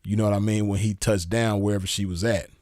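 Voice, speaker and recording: Male commentator, low voice, relaxed slangy delivery, dry close sound. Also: fast talker, dry recording. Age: adult with a child. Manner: laid-back and slangy, keeps checking in with the listener. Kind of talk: casual commentary reading messages aloud.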